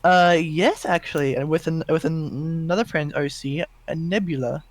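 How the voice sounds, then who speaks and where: A fairly high-voiced man chatting on a fan panel. He speaks casually and hesitantly, stumbling and repeating words as he explains things. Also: moderate pace, dry recording. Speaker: panel participant.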